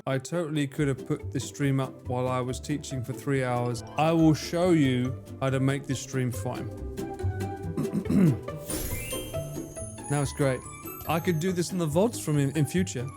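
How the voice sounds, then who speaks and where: A man's voice: medium pitch, fairly even intonation, unhurried, pauses often, music in the background. A man from the UK, chatting casually on a gaming livestream, joking, swearing freely and laughing a lot. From United Kingdom.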